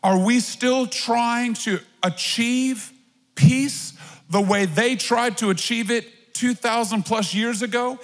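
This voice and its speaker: A man preaching to his church in a lively, conversational way, with frequent asides to the crowd. His voice sits high for a man. A long reverb hangs on every word, the sound of a large church auditorium. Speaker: pastor. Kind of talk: sermon.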